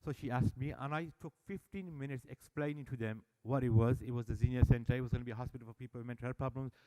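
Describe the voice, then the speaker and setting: A man's voice: mid-range voice, quick pace. A man giving a speech at a public meeting, telling stories and acting out the dialogue with energy. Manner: animated storyteller, acts out dialogue. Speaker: service user speaker at annual meeting. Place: meeting hall.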